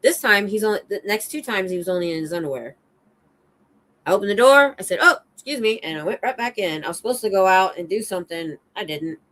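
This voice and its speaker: Bright-voiced woman telling stories. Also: mid-range voice, quick pace, poor audio. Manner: animated storyteller, acts out her own shouts. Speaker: security guard and livestream host. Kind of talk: casual storytelling chat.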